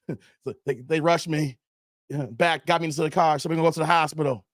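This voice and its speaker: A man with a notably high speaking voice hosts a casual livestream and tells his story in an animated way, acting out the voices of people in it. He talks straight to his chat. The sound is close and dry, with no room echo. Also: fairly quick. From Chicago, USA. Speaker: livestream host.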